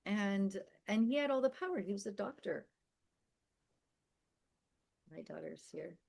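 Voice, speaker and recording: A woman's voice: medium pitch, animated, measured pace, creaky, darkish tone, slightly rough. A woman in her sixties, from America and the Philippines, telling a personal story as a podcast guest in a vivid, emphatic way. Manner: vivid, emphatic storyteller who acts out quoted dialogue.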